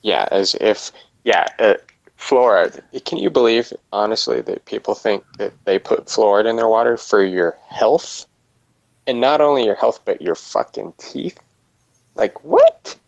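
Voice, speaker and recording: A man's voice: on the low side, expressive, unhurried, gravelly, no room sound, muffled recording. A man in a casual online hangout chat, talking in a profane, scoffing way and laughing often, on a video call mic.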